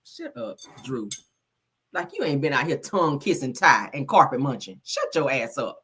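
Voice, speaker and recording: A woman's voice: very deep voice, expressive, fairly quick, crowd noise. A woman hosting casual reality TV gossip commentary, sassy, blunt and full of slang. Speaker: host.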